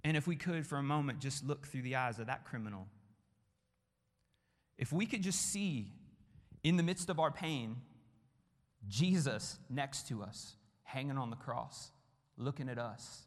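A man's voice: mid-range voice, animated, unhurried, long pauses. Impassioned male preacher in a reverberant hall. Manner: impassioned, rhythmic repetition, drops to hushed tones. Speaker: pastor. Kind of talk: sermon.

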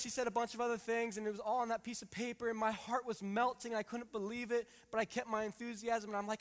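A man in his thirties preaching a sermon, reading scripture and telling a family story in a lively, animated way. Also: sits high, fast, hardly any pauses. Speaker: pastor. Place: church hall. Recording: long hall reverb.

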